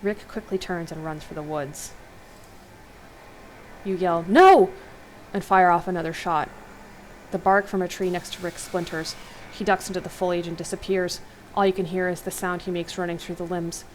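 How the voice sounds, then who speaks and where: A woman's voice: lowish voice, fairly even intonation, a little fast, a little hiss or hum, low-quality recording. A woman hosting a let's play, reading an interactive horror novel aloud and adding casual, chatty comments.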